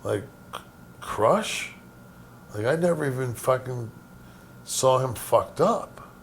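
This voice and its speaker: A man recalling old friends in a halting, reflective way, swearing often. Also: mid-range voice, animated, a little hiss or hum. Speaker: wrestling guest recalling stories. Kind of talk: casual storytelling.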